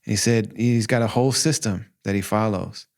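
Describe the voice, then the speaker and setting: A man in his forties, hosting a podcast and telling a personal story in a casual, heartfelt way, often quoting himself in lively asides. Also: lowish voice, fairly quick, vocal fry. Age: 40s. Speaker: podcast host.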